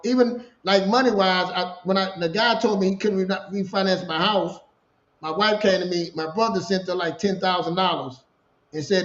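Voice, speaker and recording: Man telling his story in a roomy, dull room. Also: high voice. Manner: animated, repeats himself, laughs while telling. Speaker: podcast co-host sharing his story. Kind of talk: casual conversational storytelling.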